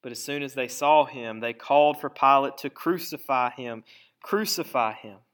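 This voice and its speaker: A pastor giving a sermon, preaching with emphasis and dramatic pauses, and repeating words as he presses a point. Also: mid-range voice, fairly even intonation, a bit bright, smooth.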